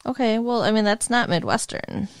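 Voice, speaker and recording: A woman from Minnesota co-hosting a podcast, chatting casually with quick, wry remarks. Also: on the high side, expressive, smooth, no room sound. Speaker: podcast co-host. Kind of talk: casual chat.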